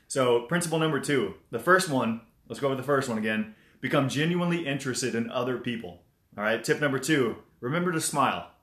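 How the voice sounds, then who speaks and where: A motivational livestream host with a mid-range, slightly bright voice runs a casual stream, giving life tips and greeting viewers by name. He often repeats himself, and the recording has a roomy echo.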